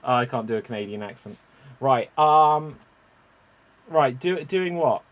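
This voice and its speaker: A man hosting an online improv comedy show, animated and given to loud exclamations. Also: medium pitch, unhurried. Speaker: improv game host.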